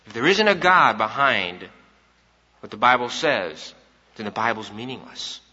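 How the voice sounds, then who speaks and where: A man preaches an evening sermon emphatically, repeating his key points for the congregation. His mid-range voice is animated, unhurried, bright and forceful, captured in a dull recording in a reverberant hall.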